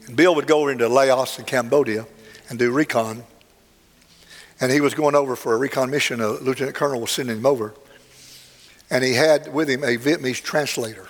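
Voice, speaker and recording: Earnest older preacher in a hall. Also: male voice, medium pitch, fairly quick. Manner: plainspoken and earnest, with dramatic swells. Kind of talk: sermon with storytelling. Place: church sanctuary. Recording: long hall reverb, faint music.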